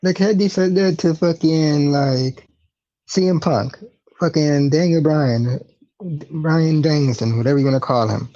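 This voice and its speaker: A man's voice: fairly high pitch, unhurried, warm tone, highs cut off. A man co-hosting a casual wrestling podcast, chiming in with laid-back comments. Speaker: podcast co-host.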